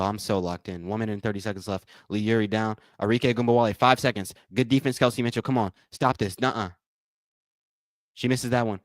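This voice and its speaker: Excitable man calling a game live. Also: mid-range voice, no echo. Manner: excitable, repeats phrases, says y'all a lot; thanks donors by name. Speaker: livestream watch-along host. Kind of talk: live game commentary and chat.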